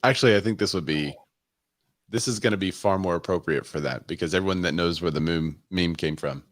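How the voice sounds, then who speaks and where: A man's voice: sits low, a little fast, slight background noise. A man co-hosting a casual real estate podcast, reading news and making wry, sarcastic asides. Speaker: podcast co-host.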